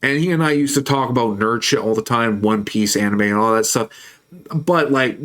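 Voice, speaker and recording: A man's voice: medium pitch, moderate pace, a bit bright. A man in a mid-range voice tells a story to his stream in a loose, casual way. He swears freely and gets heated as he retells it.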